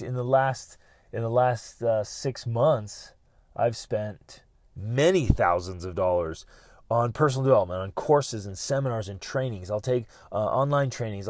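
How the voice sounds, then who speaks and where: Middle-aged male podcast host, earnest and self-correcting, mid-pitched voice, dry close mic. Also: darkish tone, dry recording. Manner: earnest, repeats words, many restarts. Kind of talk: motivational podcast talk.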